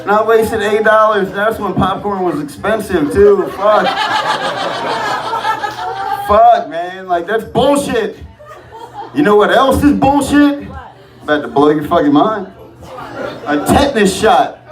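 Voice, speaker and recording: A man's voice: high-pitched, expressive, slow pace, pauses often, over music. A man doing a profane, rambling open-mic stand-up set on a comedy club stage. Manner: profane, rambling, loose delivery. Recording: echoey club from far off, crowd laughter.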